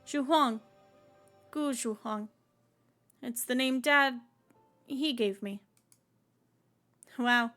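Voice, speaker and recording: Woman reading a reflective young noblewoman: slow, measured, solemn, faint music behind. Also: high-pitched, fairly bright tone, exaggerated voice.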